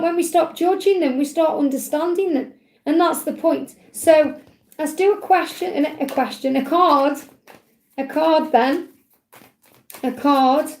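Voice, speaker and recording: A woman with a Stoke-on-Trent accent, chatting warmly and digressively as she answers viewers' questions in a live card reading. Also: high voice, echoey room. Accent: Stoke-on-Trent English. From England. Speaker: spiritual reader.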